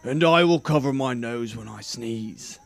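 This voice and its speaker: A man reading aloud and voicing a big, gentle male dragon who speaks earnestly and apologetically. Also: medium pitch, unhurried, vocal fry.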